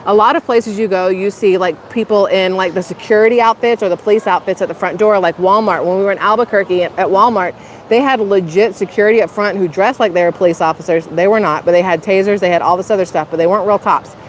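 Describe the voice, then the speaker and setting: A woman's voice: mid-range voice, fast talker, a little hiss or hum. A woman, chatty and rambling as she tells a story to her viewers on a casual vlog, often self-conscious. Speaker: vlogger. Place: outdoors in a public spot.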